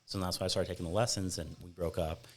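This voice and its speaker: A man's voice: low voice, level tone, fast. A man from Fresno, California, a falconer, telling stories in a chatty, rambling way with frequent restarts in a casual podcast conversation. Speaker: guest falconer.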